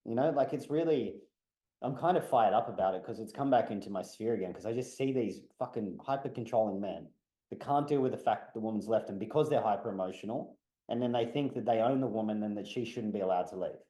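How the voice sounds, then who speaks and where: Man, podcast guest, blunt and profane, mellow dark tone, roomy echo. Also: fairly low pitch, quick pace. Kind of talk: casual podcast chat. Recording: echoey room.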